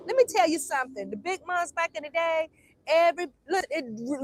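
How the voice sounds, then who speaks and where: An older woman, a grandmother telling animated stories in casual chat and acting out the quoted voices. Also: high voice, dry recording.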